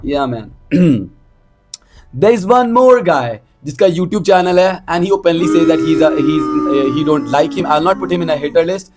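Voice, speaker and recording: Brash young streamer, swears freely and slips into Hindi; slightly high-pitched, music in the background. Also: male voice, expressive, brisk. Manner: profane, blunt, mixes Hindi into English. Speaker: MMA YouTuber. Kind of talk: casual streamer commentary.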